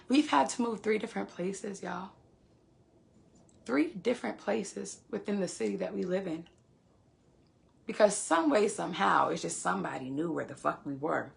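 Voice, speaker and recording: A woman's voice: mid-range voice, creaky. A woman, telling a story on a phone livestream in a profane, emphatic way. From Queens, New York. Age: 20s. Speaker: live streamer.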